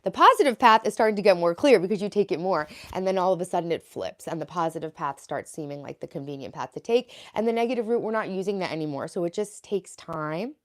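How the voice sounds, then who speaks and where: A young woman talks on a casual live stream, reading out her viewers' comments and answering them as she goes. Her voice sits a little low for a woman. She talks in a chatty way, straight into a desk mic. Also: animated, quick pace, few pauses. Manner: chatty, reads and answers chat aloud.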